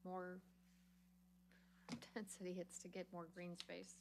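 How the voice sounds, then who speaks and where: A woman chairing a county board meeting, brisk and procedural as she moves the agenda along. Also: lowish voice, completely flat delivery, gravelly, slight background noise.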